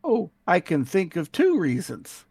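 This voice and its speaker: Guy doing a teasing riddle-talking wanderer with a staff, kinda high, dry sound. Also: wildly swooping pitch, a little slow, vocal fry, darkish tone, husky, no room sound, heavily acted. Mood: wry. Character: sly riddling adult man, an adventurer with a staff.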